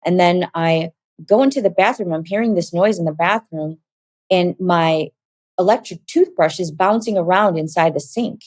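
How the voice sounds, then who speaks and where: Low-voiced woman telling her story. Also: normal speed, dry recording. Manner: animated, acts out quoted speech. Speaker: guest giving a testimony. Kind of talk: personal testimony storytelling.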